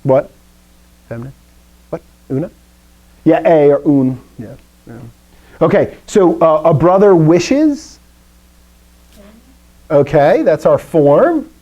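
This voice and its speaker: A man's voice: on the high side, expressive, slow pace, long pauses, dark tone, muffled recording. A middle-aged man teaching a classroom language lesson, explaining rules step by step with jokey asides. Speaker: Greek teacher. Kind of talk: classroom lecture.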